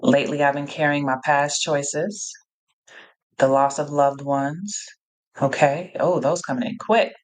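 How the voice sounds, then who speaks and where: A woman hosting a live-streamed Q&A, reading out chat replies in an energetic, encouraging way and often repeating herself. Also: sits low, a little slow. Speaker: live Q&A host, coach.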